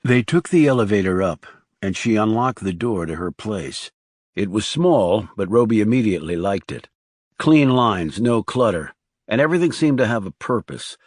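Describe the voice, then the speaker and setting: Low-voiced calm male audiobook narrator. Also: normal speed, slightly rough, no echo, studio quality. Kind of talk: scripted narration.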